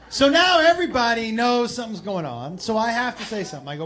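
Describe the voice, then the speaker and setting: High-voiced male comic working a crowd. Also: fairly quick, hardly any pauses. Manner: animated, swings from quiet asides to loud punchlines. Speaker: stand-up comedian. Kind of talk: stand-up storytelling to a live crowd. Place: comedy club stage before an audience. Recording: live club recording with audience noise.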